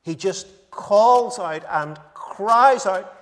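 A male preacher delivering a sermon, measured and emphatic, repeating key phrases for weight. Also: high-pitched, animated. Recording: long reverb of a large hall.

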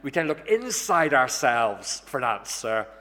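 A man preaching a sermon in an earnest, measured way, slowing down to stress key words. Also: mid-range voice, sing-song, pushed and bright. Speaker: pastor. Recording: long reverb in a church hall.

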